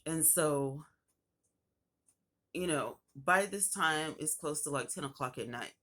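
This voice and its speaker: A young woman with a low, deep voice tells her own story straight to the camera. She relaxes into a casual retelling and slips into the voices of the people in it as she goes. Her delivery stays animated and personal. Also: slow. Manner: animated retelling with acted quotes. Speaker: vlogger.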